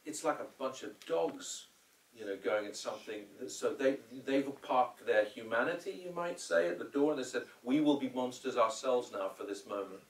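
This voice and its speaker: A man who is a film director, answering audience questions at a live Q&A after a screening, rambling with hesitations and acting out quotes. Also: mid-range voice. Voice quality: rambling, full of restarts and hesitations. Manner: animated storyteller who acts out quotes. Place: cinema screening room. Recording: roomy hall, distant mic, faint ambience.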